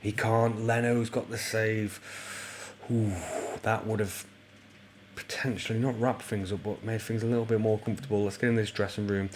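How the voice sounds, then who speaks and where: A man with a lowish voice talks through a football management game in a loose, rambling way, full of ums and restarts. He breaks into excited play-by-play when the action picks up. A faint background noise sits under the voice. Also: moderate pace. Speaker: gaming YouTuber. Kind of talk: casual let's-play commentary.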